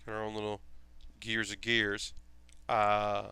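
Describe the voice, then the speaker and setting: A young man talks casually to his stream while he builds, rambling with plenty of ums and offhand swearing. His voice is bright and crisp. The sound is dry, with no room echo. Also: lowish voice, completely flat delivery, slow pace. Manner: rambling, enthusiastic, swears freely, many fillers.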